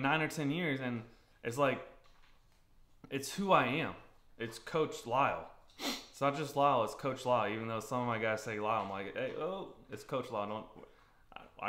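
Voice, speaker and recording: A young man talks through a loose, unscripted vlog monologue as a youth baseball coach, circling back over his points and clearing his throat now and then. His voice sits at a middle pitch. The room around him rings with a noticeable echo. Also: fairly bright tone. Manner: candid, repeats himself, frequent throat-clearing. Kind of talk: casual rambling monologue. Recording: roomy echoey room sound.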